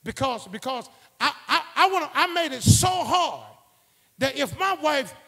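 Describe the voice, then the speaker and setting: Sing-song and a little slow, this male preacher has a strikingly high voice with a gravelly, fry-laced edge. Leading call-and-response in a church sanctuary, he moves between quiet asides and shouted exhortations, while the large hall's long reverb lingers on every line.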